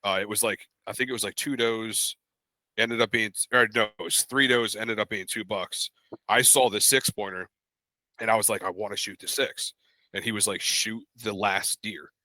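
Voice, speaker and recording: A man's voice: fairly low pitch, normal speed, no room sound. A young man co-hosting a podcast, casually telling a story and acting out the voices of the people in it. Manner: animated, acts out quoted voices in his stories. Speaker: podcast co-host.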